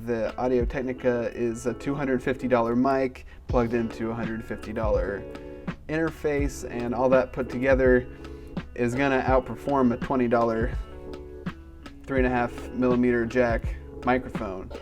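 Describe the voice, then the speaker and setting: A male tech reviewer talking through a gadget in a relaxed, unhurried way. His voice sits at an ordinary middle pitch, and he keeps his delivery measured and plain. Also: music in the background. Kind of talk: casual product review.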